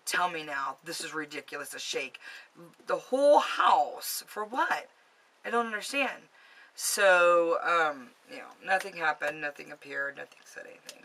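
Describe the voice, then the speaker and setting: A woman's voice: deep voice, bright, forceful tone. A woman telling a ghost story to camera in a casual, rambling way, filled with fillers, recorded in her home basement. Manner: chatty, rambling, with many fillers. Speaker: vlogger telling ghost stories.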